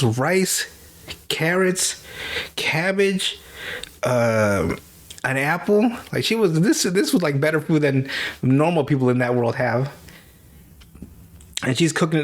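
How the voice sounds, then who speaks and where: A man's voice: fairly high pitch, measured pace, long pauses. A man hosting a podcast, telling a movie's plot in a loose, swearing, laughing way. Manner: profane, animated storytelling with laughs. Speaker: podcast host. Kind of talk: casual movie recap.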